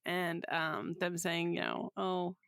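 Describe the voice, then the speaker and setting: A woman's voice: on the low side, level tone, takes it slowly, fairly bright tone, smooth, dry recording. Woman co-host, joking self-mocking banter, dry close sound. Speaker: podcast co-host. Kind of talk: casual chat.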